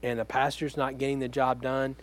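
A man's voice: mid-range voice, level tone, fairly quick. A man preaching a sermon as pastor, speaking earnestly and conversationally, often turning to the congregation with direct questions.

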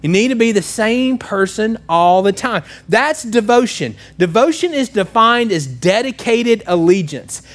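High-voiced man preaching a sermon. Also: expressive, unhurried, hardly any pauses. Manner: conversational, asks the congregation questions. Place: church.

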